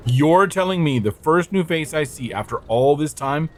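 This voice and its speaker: A brusque locksmith with no time to spare, proud of the work and short with visitors, read out by a man playing a game. The voice has a lively rise and fall. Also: on the high side, moderate pace, lightly acted. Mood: curt. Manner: curt and impatient, reading game dialogue aloud.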